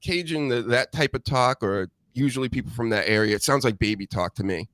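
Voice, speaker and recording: A man's voice: mid-range voice, fairly quick, a bit bright, no echo, studio quality. A man from New England hosting a live-stream show, chatting bluntly with crude jokes. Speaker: host. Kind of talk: casual live-stream chat.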